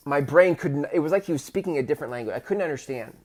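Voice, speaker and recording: A man in his thirties, from the Pacific Northwest, talks through a personal story as a podcast host. His voice sits in a middle pitch. He stumbles and restarts often, and his delivery swells louder when the memory gets emotional. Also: lively intonation. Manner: halting, many restarts, gets loud and emotional when retelling.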